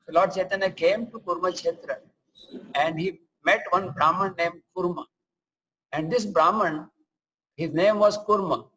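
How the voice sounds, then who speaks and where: A man's voice: high voice, measured pace, bright, forceful tone, slightly rough, poor audio. A man giving a scripture lecture, telling stories and chanting verses. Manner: storytelling, chants and sings verses. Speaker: preacher.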